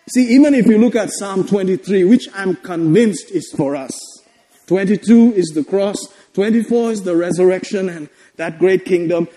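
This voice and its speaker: Exuberant high-voiced preacher man in a hall. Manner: exuberant, laughing, repeats phrases, shouts of hallelujah. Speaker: pastor. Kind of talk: sermon.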